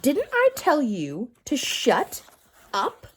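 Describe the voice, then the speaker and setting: A woman voicing a temperamental female schoolteacher in a children's audiobook, high and sharp, swinging from snapping to sweetly apologetic. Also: big pitch swings, normal speed. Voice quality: high, sharp and shouty when angry.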